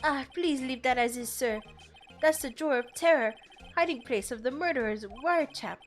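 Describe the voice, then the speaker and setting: A woman's voice: sits high, moderate pace, faint music behind, natural voice. A streamer putting on a smarmy anime-boy bellboy. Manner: affected anime-boy accent. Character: smarmy young male hotel bellboy.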